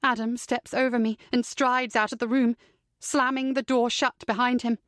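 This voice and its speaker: Woman, audiobook narrator, first-person thriller, tense dramatic delivery, fairly high voice, dry studio sound. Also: level tone, moderate pace, fairly bright tone, no echo.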